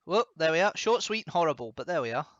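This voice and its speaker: A man's voice: on the high side, big pitch swings, quick pace, a bit bright, no room sound. A man hosting a casual stream, chatty and wry. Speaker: streamer host. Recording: dry, slightly muffled mic.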